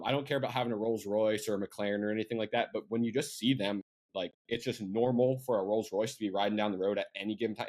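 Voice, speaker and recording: A man's voice: fairly low pitch, darkish tone. A man from central Pennsylvania, a marketing agency owner, chatting casually as a podcast guest with lots of fillers and asides. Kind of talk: casual interview chat.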